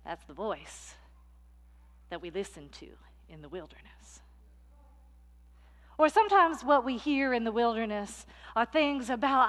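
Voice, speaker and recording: A woman preaching a sermon, dramatically acting out inner thoughts and a tempting voice, swinging between loud declarations and hushed near-whispers. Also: medium pitch, lively intonation, measured pace. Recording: long hall reverb.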